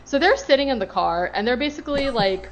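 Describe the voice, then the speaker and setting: A podcast co-host with a high, animated voice rambles briskly through a casual movie recap, her storytelling heavy with fillers. The recording sounds muffled, with a little background noise.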